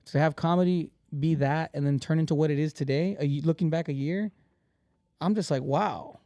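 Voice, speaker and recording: Laid-back comedian guy on a podcast, warm mellow voice, kinda rambly and heartfelt, dry close mic. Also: a little high, a little fast, no echo. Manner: earnest, rambling, says "bro" and "man" often. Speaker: guest comedian. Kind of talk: casual podcast chat.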